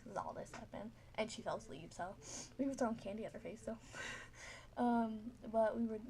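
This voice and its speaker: A woman's voice: fairly high pitch, fairly quick, warm tone. A teenage girl telling a story casually, rambling with many fillers and frequent giggles.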